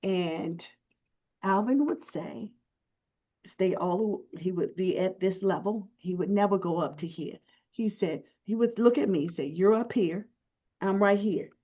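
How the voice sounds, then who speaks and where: A woman's voice: mid-range voice, a little slow, warm tone. A woman guest in a casual chat, talking earnestly and with emphasis. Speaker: guest author. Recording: dull lo-fi audio.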